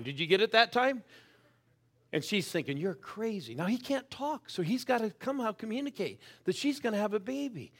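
Man, middle-aged, sermon, animated delivery, loud and soft swings, crowd call-and-response. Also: sits high, brisk. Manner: animated, swings from loud calls to quiet intense asides. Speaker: guest preacher.

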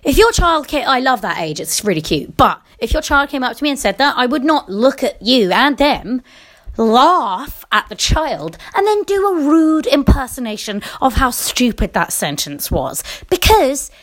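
Lively rambling English woman ranting. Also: high voice, normal speed. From England. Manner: rambling, self-interrupting, sweary and sarcastic. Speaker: podcast host. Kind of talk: solo podcast rant.

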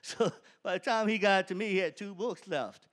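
A man telling his personal testimony to an audience, animated and often laughing mid-sentence as the story builds. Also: high voice, moderate pace. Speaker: speaker giving a personal testimony.

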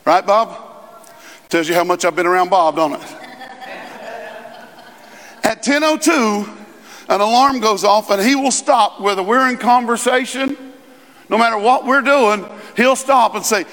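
A man preaching a sermon as pastor, in a conversational style with quick asides and rising emphasis. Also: sits high, fairly bright tone. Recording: long reverb in a large hall.

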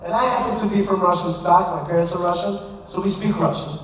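A man's voice: high voice, steady tone, fast talker, slight background noise. A man, a rabbi, telling an emphatic, impassioned story to a live audience. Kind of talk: storytelling speech. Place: large hall. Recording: echoey hall from far off.

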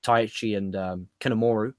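A man's voice: fairly low pitch, steady tone, moderate pace, no echo, clean studio sound. A man hosting a casual wrestling chat, who swears freely and laughs at his own jokes. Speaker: podcast host.

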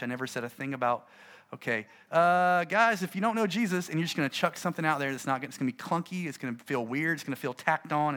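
A middle-aged man, a pastor, gives an animated, conversational talk to fellow preachers and acts out his stories. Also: on the high side.

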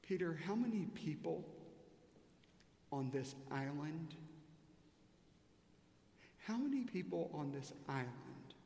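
Male pastor, fairly high voice, emphatic storytelling sermon, echoey church hall with long reverb. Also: sing-song, dark tone. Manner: storytelling, emphatic, with pauses and fillers. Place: large church sanctuary.

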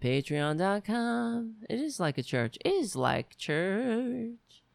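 A woman with a raspy voice hosting a political commentary show, emphatic and repetitive, often restarting her sentences. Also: medium pitch, very animated, slow pace, darkish tone, no room sound. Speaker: show host. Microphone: home computer setup.

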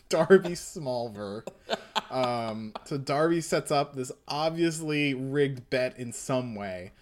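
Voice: mid-range voice, animated, slow, a little mellow. A podcast host casually recapping and reading a comic aloud, laughing and swearing freely. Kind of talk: casual chat and read-aloud.

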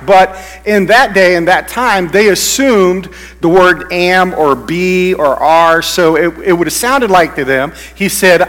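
A man's voice: on the high side, a bit bright, in a large hall. A man preaching a sermon, teaching in a conversational way with frequent fillers and restarts. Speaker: pastor.

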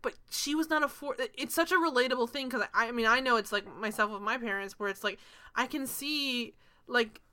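A woman's voice: fairly high pitch, brisk, sharp tone, smooth. A young woman co-hosting a chatty TV recap show, gushing and swearing casually with lots of "like". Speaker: podcast co-host.

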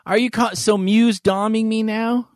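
A man's voice: high voice, little pitch movement, a little slow, no echo. A man co-hosting a podcast, telling rambling, jokey stories in casual chat and laughing often. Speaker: podcast co-host.

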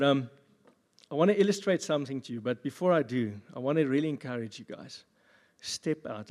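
A man pastor giving a sermon at a church service, with jokey, animated asides. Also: medium pitch. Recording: long reverb of a church hall.

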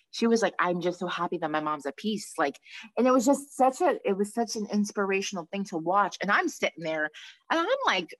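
Woman, low-pitched, emotional chatty podcast host. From Long Island, New York. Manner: emotional, animated storytelling with many restarts. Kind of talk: casual podcast chat.

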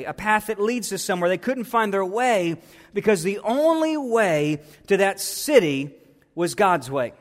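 A man preaching a sermon as pastor, swinging between soft, drawn-out phrases and emphatic, raised lines. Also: sits high, in a large hall.

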